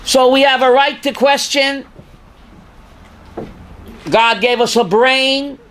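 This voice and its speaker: An older man, a rabbi teaching a class, reads scripture aloud with dramatic force, sometimes shouting, and questions his students. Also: very high voice, fairly even intonation, slow, clear, resonant tone. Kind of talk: Torah class lecture.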